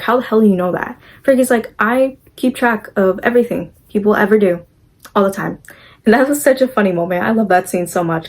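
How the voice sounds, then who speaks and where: A woman's voice: mid-range voice, poor audio. A young woman casually recapping a movie, chatty and gushing, acting out the characters' lines as she goes.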